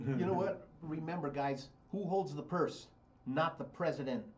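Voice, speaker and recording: A man's voice: a little high, normal speed, dull audio. A man talking politics on a radio show, blunt, heated and mocking.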